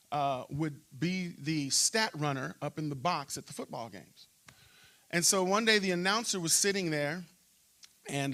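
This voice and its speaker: A middle-aged man, a pastor, telling a story in a church interview and acting out shouting crowds. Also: fairly high pitch. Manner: animated storyteller, acts out crowd chants.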